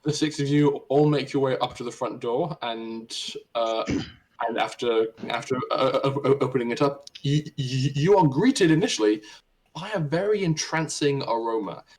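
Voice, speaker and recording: A man's voice: medium pitch, darkish tone, slight background noise, rough recording. A man narrating a tabletop game as game master, often stumbling and restarting his words. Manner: halting, stammering restarts.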